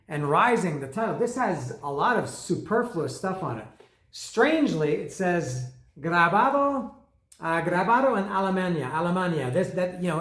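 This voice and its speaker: A man with a fairly high voice talks through his record-buying story in a loose, rambling way, stopping to joke at his own expense. He sounds like a regular host of an album review show. The sound carries a clear echo from the room. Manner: self-deprecating, rambling storyteller with asides. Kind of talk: casual rambling monologue. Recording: echoey room.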